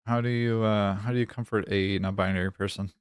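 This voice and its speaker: A man's voice: on the low side, fairly even intonation, fairly quick, clear, resonant tone, no echo, clean studio sound. A man streaming a game, chatting casually, joking and swearing freely, speaking English as a second language. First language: not English. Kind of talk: casual live-stream chat while playing.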